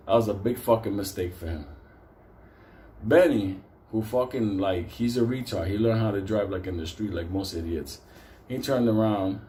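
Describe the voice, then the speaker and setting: A man's voice: lowish voice, normal speed, dark tone. Profane New man telling a story. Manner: profane, laughing storyteller who acts out the people in his story. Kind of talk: casual anecdote.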